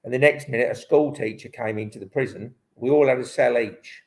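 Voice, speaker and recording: A man's voice: medium pitch, fairly quick, a little mellow, low-quality recording. A man in his fifties, a former motocross champion, telling stories as a guest in a live online interview in a rambling way full of restarts. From Britain. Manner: rambling, restarts often, lots of "um" and "like".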